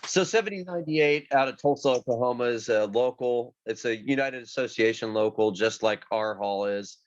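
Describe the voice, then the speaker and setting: A man telling rambling stories in casual chat, halting and full of fillers as he talks about pipefitting union work. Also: mid-range voice. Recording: slightly dull lo-fi sound.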